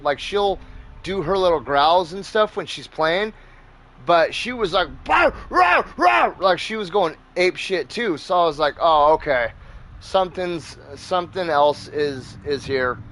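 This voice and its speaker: Man, gaming host, casual storytelling, rambling, profane, somewhat high voice. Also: a bit bright. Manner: rambling and profane, with many fillers.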